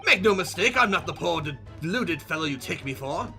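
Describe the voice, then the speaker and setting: A man's voice: high voice, animated, a little fast, vocal fry, music in the background. A man voicing a pompous, eccentric British detective with a put-on British accent and a theatrical, grandiose delivery.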